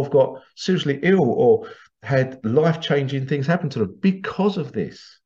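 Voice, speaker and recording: A man's voice: medium pitch, lively intonation, moderate pace, warm tone, lo-fi sound. A man hosting a podcast monologue, ranting in an indignant, sarcastic way and swearing casually. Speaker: podcast host.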